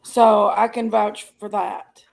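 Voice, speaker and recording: A woman's voice: medium pitch, steady tone, slow, creaky, a little mellow, poor audio. A woman joining a casual livestream, blunt and opinionated in her talk.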